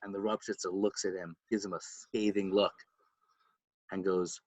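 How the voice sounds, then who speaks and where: A man co-hosting a podcast, telling a story in a casual, animated way and acting out the quotes. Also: moderate pace, no room sound, lo-fi sound. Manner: animated storyteller, acts out quotes with big pitch jumps. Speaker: podcast co-host.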